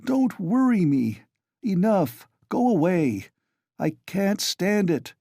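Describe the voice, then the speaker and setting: A sickly young man pushed to the edge, snapping short commands in a raised, strained voice, as a male reader puts him on. The tone is dark and close, with sharp swings in pitch. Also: sing-song, slow, gravelly, no room sound, exaggerated voice. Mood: irritable. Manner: snapping, insistent.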